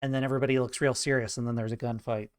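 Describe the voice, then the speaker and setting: A man streamer in casual chat, trading wry jokes and dry banter with many halting restarts. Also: mid-range voice, flat delivery, clean tone, no room sound.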